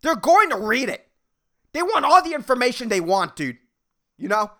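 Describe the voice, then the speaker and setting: A man's voice: very high voice, very animated, moderate pace, sharp tone. A young man hosting a podcast, rambling through a comedic rant full of slang and swearing, often laughing at his own jokes. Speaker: podcast host.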